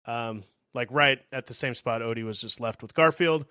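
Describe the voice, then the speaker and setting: Man, podcast co-host, bright forceful tone, dry close sound, laid-back hesitant recap. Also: medium pitch, normal speed, clean tone, no room sound. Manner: laid-back, hesitant, trailing into "I don't know". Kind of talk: casual movie recap chat.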